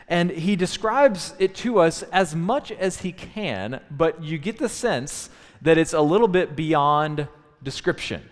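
A man preaching a sermon, teaching in a thoughtful tone with frequent restarts. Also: a little high. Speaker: pastor. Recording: long hall reverb.

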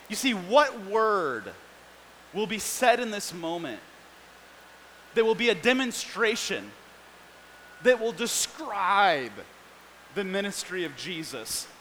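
A man's voice: high voice, pushed and bright, slight background noise, poor audio. A man preaching a sermon, reading scripture and explaining it with earnest, building emphasis.

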